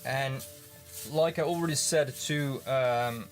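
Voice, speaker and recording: A man casually commenting in his studio as he looks at his handmade pigments, halting and restarting often. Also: medium pitch, soft background music. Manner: rambling, halting, many restarts. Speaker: pigment maker filming his studio work. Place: home studio.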